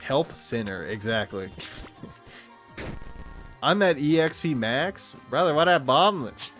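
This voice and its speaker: A man's voice: medium pitch, expressive, slow, fairly bright tone, faint music behind. A young man streaming a game and chatting casually, rambling and swearing with frequent laughs. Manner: rambling, profane, laughs often. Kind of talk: casual gaming chat.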